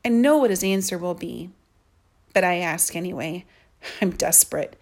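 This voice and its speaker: A woman narrating a children's story in the first person, in a soft, earnest way. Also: on the low side, a little fast. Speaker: audiobook narrator.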